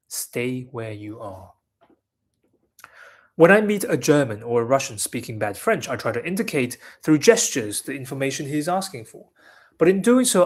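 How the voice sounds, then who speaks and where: A man reading a nonfiction book aloud in a measured, deliberate way, with small restarts now and then. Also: medium pitch. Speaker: reader of a book.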